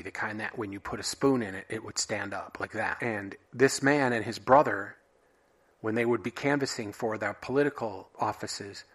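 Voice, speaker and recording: A man hosting a solo podcast, sharing random thoughts in a wry, offhand, deadpan way. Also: fairly low pitch, husky. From United States. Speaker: podcast host.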